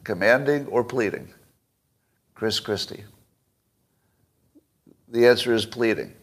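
A man's voice: mid-range voice, slow. A man in his sixties hosting a casual solo commentary stream, wry and chuckling, quizzing his audience as he talks. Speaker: podcast host.

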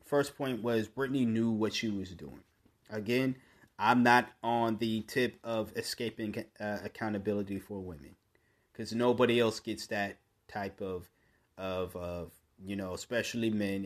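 A man hosting his own podcast, speaking in a blunt, opinionated monologue that often restarts mid-sentence and rises into forceful bursts. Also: on the low side, fairly even intonation, normal speed. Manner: conversational with frequent restarts. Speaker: podcast host.

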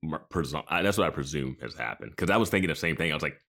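Podcast co-host, very deep voice, lively inflection, jokey. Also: male voice, rapid-fire. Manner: joking, laughs often. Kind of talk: casual chat.

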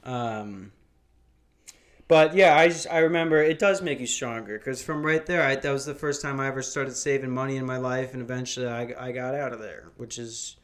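A man's voice: medium pitch, normal speed, fairly bright tone. A young man from Minnesota in casual podcast chat, rambling and swearing, laughing as he tells stories. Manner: rambling, profane, laughs through his stories.

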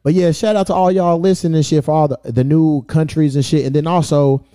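A man's voice: fairly high pitch, steady tone, a little fast, dark tone, smooth. A man hosting a casual podcast, talking loosely and swearing as he reads out where his listeners are. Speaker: podcast host. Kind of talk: casual chat.

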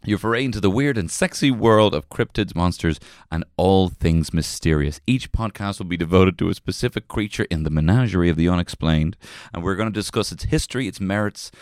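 A man's voice: deep voice, fairly quick, hardly any pauses, dry recording, studio quality. A man hosting a podcast in a loose, rambling, crude joking way. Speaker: podcast host. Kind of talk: casual podcast chat.

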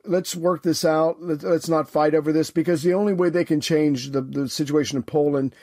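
A man's voice: a little high, steady tone, a little fast, mellow, no echo, clean studio sound. A man co-hosting a history podcast, talking loosely and rambling with restarts. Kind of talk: casual chat.

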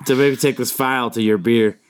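A man's voice: medium pitch, fairly even intonation, a little fast, clean tone. A man co-hosting a podcast, teasing and sarcastic, swearing freely in casual banter. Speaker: podcast co-host.

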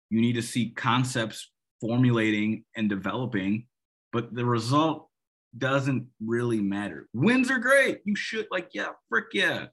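A man hosting a solo football podcast, talking in a rambling, emphatic, opinionated way with sarcastic asides. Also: medium pitch. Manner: rambling, emphatic, restarts a lot. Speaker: sports podcast host. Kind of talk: casual solo football analysis.

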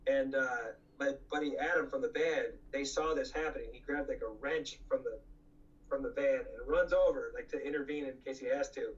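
A man's voice: medium pitch, brisk. A man who fronted a punk band tells rambling, profane stories in casual conversation, laughing often and filling his talk with "like" and "you know.". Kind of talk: casual anecdotal storytelling. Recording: slightly distant, dull lo-fi mic.

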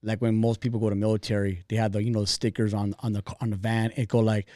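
Relaxed joking man on a dry podcast mic. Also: fairly low pitch, fast talker, no room sound. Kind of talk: casual podcast chat.

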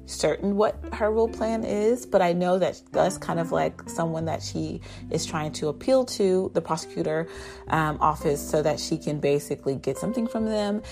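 A woman with a notably low voice talks through a drama episode like she's chatting with a friend. She is animated and loose, leaning on "like" and "basically". Guitar music plays clearly underneath her. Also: moderate pace. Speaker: TV drama recapper. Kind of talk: casual episode recap.

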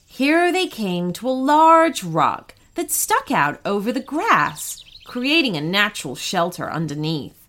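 A woman reads a children's story at an unhurried pace. Her voice lilts up and down expressively, and she keeps it gentle and clear. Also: medium pitch, very animated.

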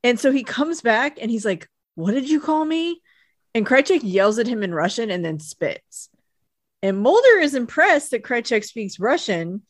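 A woman's voice: fairly high pitch, sing-song, normal speed, dry recording, clean studio sound. A woman co-hosting a podcast, recapping a TV episode in an easygoing way with wry asides and frequent laughs. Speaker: podcast co-host. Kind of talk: casual chat recapping a TV episode.

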